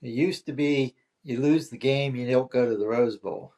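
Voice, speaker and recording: A man's voice: medium pitch, normal speed, dark tone. An older man as the guest in a casual chat, speaking tersely and dryly and making his points through questions. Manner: terse, dry, leads with questions.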